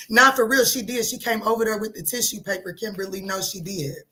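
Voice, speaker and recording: A woman's voice: medium pitch, unhurried. Chatty woman tarot reader. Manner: chatty, animated, swears and laughs freely. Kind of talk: casual tarot reading chat.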